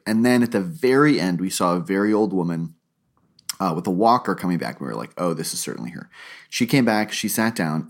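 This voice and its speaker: A man co-hosting a podcast, chatting casually and acting out quotes with a raised voice as he tells stories. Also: fairly low pitch. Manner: animated storyteller, acts out quotes in raised voice. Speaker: podcast co-host. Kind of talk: casual chat.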